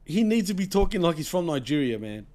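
Male co-host, higher-pitched, relaxed, mumbly sign-offs. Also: fast talker. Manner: laid-back, trails off into low mumbled "man" and "bro" tags. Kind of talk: casual wrestling chat.

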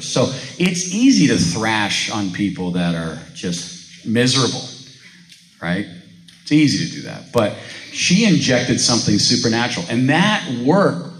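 Male pastor, lowish voice, chatty sermon delivery with anecdotes, roomy echo and faint background hum. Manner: conversational preaching with anecdotes and questions to the congregation.

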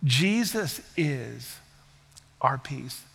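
An older man, a pastor, preaches a sermon in a church sanctuary, his husky mid-range voice echoing through a large hall. He speaks conversationally and earnestly, with lively intonation, drawn-out words, vocal fry and a fairly bright tone, sometimes acting out what people say.

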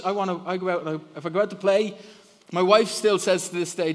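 A man's voice: high-pitched, fairly quick. A middle-aged man preaching a sermon in church, telling stories with lots of laughs and repeated words. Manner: animated storyteller, laughs often, repeats words when starting. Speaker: guest preacher. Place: church hall. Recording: long hall reverb.

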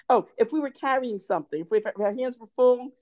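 A woman's voice: a little high, animated, moderate pace, darkish tone, dry recording. A woman co-hosting a podcast, telling anecdotes and family stories, laughing often and searching for words. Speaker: podcast co-host. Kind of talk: casual storytelling chat.

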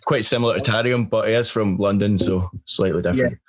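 A man in his twenties hosting a podcast, chatting casually with relaxed, sweary banter. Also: on the low side, fast talker. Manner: laid-back, sweary banter. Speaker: podcast host.

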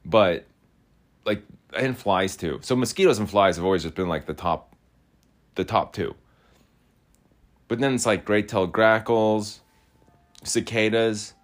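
A young man with a low, deep voice talks in a loose, rambling rant. He swears often, circles back to the same complaints and repeats himself, moving in and out of his rural home as he talks. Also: unhurried, pauses often. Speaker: podcast host. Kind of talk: rambling casual monologue.

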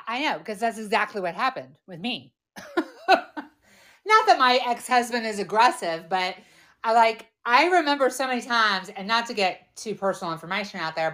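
Earnest woman podcast co-host, higher voice. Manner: earnest, confessional, trails off softly. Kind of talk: candid podcast chat.

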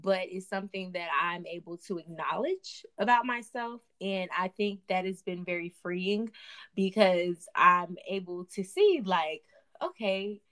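A woman co-hosting a faith podcast, chatting expressively with frequent laughs and sudden upward swings in pitch. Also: expressive, measured pace, a bit bright. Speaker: podcast co-host.

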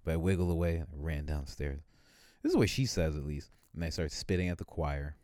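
Very deep-voiced man telling stories. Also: brisk, darkish tone, no echo, clean studio sound. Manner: rambling storyteller, mimics people in high voices. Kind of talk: casual chat.

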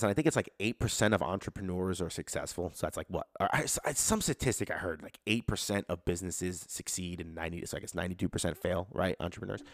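A young man with a fairly low voice hosts a solo podcast. He swears freely and gives a blunt, motivational pep talk in a casual tone. The sound is dry and close, with little room reflection. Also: no room sound. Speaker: podcast host.

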